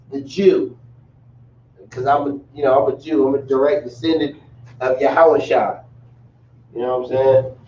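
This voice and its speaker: A man's voice: fairly high pitch, a little mellow, echoey room, dull audio, slight background noise. A man teaching a language class in a casual, repetitive way, calling his students y'all, recorded from a distant mic in a room.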